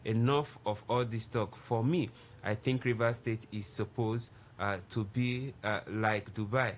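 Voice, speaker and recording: A man's voice: on the low side, fairly even intonation, measured pace, a little hiss or hum. A Nigerian man co-hosting a radio phone-in show, reading listener text messages aloud with fillers and Pidgin asides.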